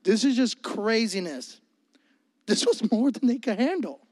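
A man preaches a sermon with a very high voice. His delivery is animated and comedic, and he acts out the scenes in his stories. The recording is close and dry, with no room sound. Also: measured pace, no echo. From Florida.

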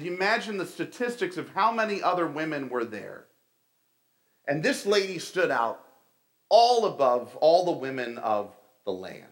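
A middle-aged man giving a conversational sermon, telling stories and calling his listeners folks. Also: on the high side. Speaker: pastor.

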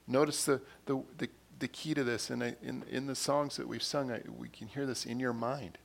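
Conversational preacher man, mid-pitched. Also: steady tone, fairly quick, gravelly, hardly any pauses. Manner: conversational, retells scenes in quoted dialogue; repeats and restarts words. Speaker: pastor. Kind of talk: sermon.

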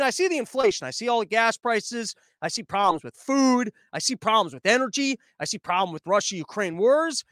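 A man's voice: very high-pitched, a bit bright, no echo. A man comedian giving a rambling, sarcastic monologue with lots of fillers, recorded in his living room. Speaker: comedian hosting daily briefings. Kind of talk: casual comic monologue.

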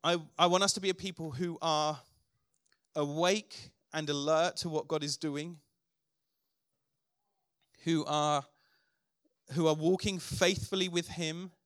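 A man's voice: on the high side, steady tone, unhurried, long pauses, fairly bright tone, smooth, dry recording, studio quality. Man preaching earnestly. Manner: earnest preaching, builds to emphatic declarations. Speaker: pastor. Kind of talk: sermon.

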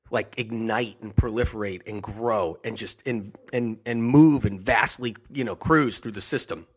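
A man's voice: fairly low pitch, husky. Rambling man giving a health talk. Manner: rambling, repeats phrases, laughs at himself. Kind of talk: unscripted monologue.

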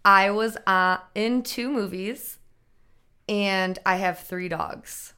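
A woman guesting on a casual podcast, bubbly and animated, quick to laugh as she chats. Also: mid-range voice, clear, resonant tone. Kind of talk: casual chat.

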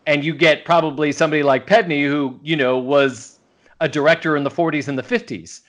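A man's voice: on the high side, steady tone, brisk, a bit bright. A man co-hosting a casual podcast chat, rambling along with lots of filler words. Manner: rambling, full of "you know" fillers. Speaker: podcast co-host.

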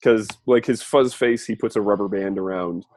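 A man from Colorado co-hosting a casual podcast chat, easygoing and quick to laugh. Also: on the low side, darkish tone. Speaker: podcast co-host.

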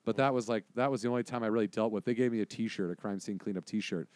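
A man's voice: lowish voice, quick pace, no echo. A man telling a story in casual conversation, acting out the voices of the people in it. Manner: animated, acts out voices in his story.

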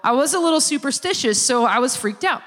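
A woman giving a sermon-style personal testimony, a lively storyteller who acts out the people she quotes. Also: high-pitched, quick pace. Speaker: speaker giving a church testimony. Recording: long reverb of a large hall.

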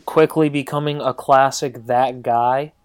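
A man's voice: medium pitch, steady tone, a little slow, a crowd in the background. A man co-hosting a movie podcast, chatting casually and eagerly about actors he likes. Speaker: podcast co-host.

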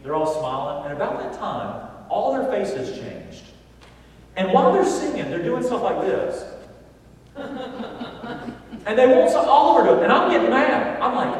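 A man preaching a sermon as a pastor, telling stories with animated, emphatic delivery. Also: high voice, measured pace, long pauses. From Southern United States. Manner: animated storytelling, builds to loud emphatic points. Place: large church sanctuary. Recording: echoey church hall from far off.

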